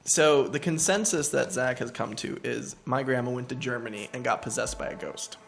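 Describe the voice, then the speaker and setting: A man, a podcast guest, telling a story in casual chat, animated, laughing and acting out quotes. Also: mid-range voice, moderate pace, creaky, a little hiss or hum.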